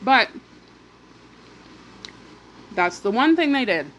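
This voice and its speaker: A woman talks slowly as she eats on camera, telling an outraged neighbor story. She keeps pausing to chew and swears freely. Faint background noise sits under her voice. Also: on the high side. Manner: animated, indignant storytelling with swearing; pauses to eat, chewing between phrases. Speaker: mukbang vlogger. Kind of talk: casual storytime while eating.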